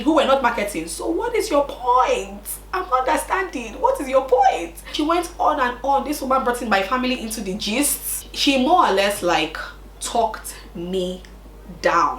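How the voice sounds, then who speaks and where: A woman's voice: mid-range voice, fairly bright tone, reverberant, slight background noise, rough recording. A young woman, telling a personal story to her viewers in a casual, emotional way. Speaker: vlogger.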